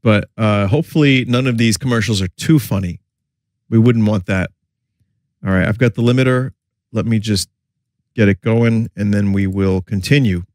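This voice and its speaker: A man's voice: on the low side, moderate pace, a little mellow, dry recording. Brief: sick male streamer with wry asides, dry close mic. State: sick, voice affected. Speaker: streamer reacting to commercials. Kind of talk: casual live commentary.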